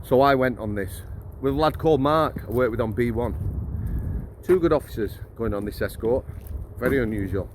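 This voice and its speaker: A middle-aged man who used to be a prison officer tells stories to camera in a chatty, blunt and jokey way, laughing mid-story and calling his viewers guys. His voice is mid-range at normal speed, with slight background noise.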